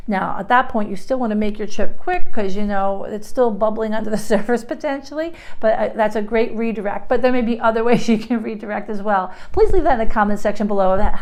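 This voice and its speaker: Woman giving parenting tips, chatty, does little bright voices for what parents say. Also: medium pitch, vocal fry. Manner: demonstrates parent lines in bright acted voices. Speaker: parenting advice giver, therapist. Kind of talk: casual advice video.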